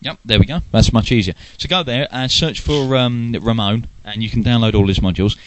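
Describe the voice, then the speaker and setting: A man's voice: mid-range voice, brisk. A man hosting an internet radio show in casual chat, loose and joking, with plenty of filler words.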